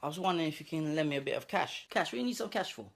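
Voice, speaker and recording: A man's voice: a little high, animated, racing, vocal fry, a bit bright, full character voice. A man putting on a breezy dad. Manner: breezy, chummy. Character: easygoing English dad, middle-aged.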